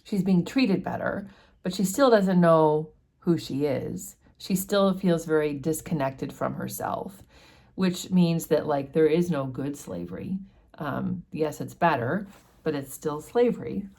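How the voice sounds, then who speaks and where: A woman with a low, relaxed voice walks through a book chapter in a chatty teaching manner. She pauses often with fillers and talks the story over casually. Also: gravelly. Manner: chatty, explanatory, many fillers. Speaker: book study host.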